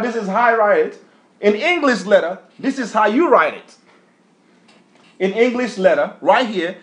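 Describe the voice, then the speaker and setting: A man's voice: high-pitched, animated, normal speed, pauses often. A man preaching a bible lesson, emphatic, repeatedly quizzing a reader with questions. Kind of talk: street-style bible teaching sermon.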